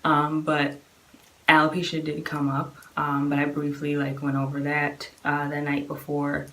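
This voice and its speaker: A woman's voice: low-pitched, completely flat delivery, a little slow, pushed and bright. A woman in her twenties casually telling a personal story, chatty and full of fillers, acting out what others said. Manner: chatty, many fillers, acts out quoted voices.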